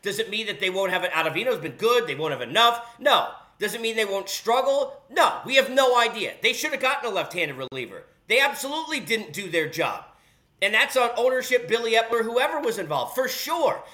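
A man's voice: high-pitched, animated, fairly quick, bright, forceful tone. A man hosting a sports podcast, ranting bluntly and sarcastically. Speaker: podcast host. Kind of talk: opinionated sports rant.

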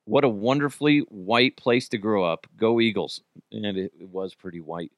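A man's voice: lowish voice, moderate pace, hardly any pauses, dry recording, clean studio sound. A man hosting a podcast, talking in a casual, rambling comedic monologue and swearing freely. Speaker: podcast host.

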